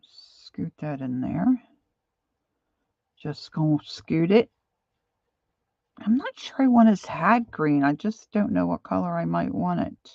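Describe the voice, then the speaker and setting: Slow gravelly older woman painting live. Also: on the low side, big pitch swings, darkish tone, no room sound, highs cut off. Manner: chatty, rambling, reads viewer comments aloud. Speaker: painting instructor. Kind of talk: live painting stream chat.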